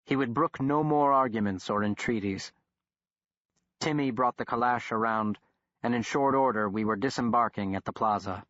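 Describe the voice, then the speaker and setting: Steady male audiobook narrator. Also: mid-range voice, normal speed, no room sound, muffled recording. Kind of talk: scripted narration.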